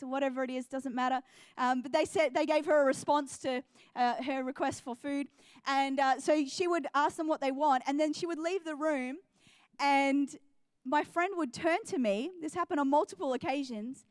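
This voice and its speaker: High-voiced woman preaching. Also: fairly even intonation, moderate pace, no echo. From New Zealand and Australia. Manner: earnest, builds to emphatic declarations with repetition. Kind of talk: sermon.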